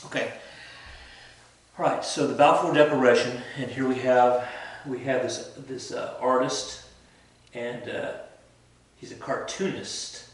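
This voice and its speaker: Male teacher rambling thru a lecture, lots of um and restarts, mid pitch, echoey classroom far from mic. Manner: rambling, frequent self-corrections and fillers.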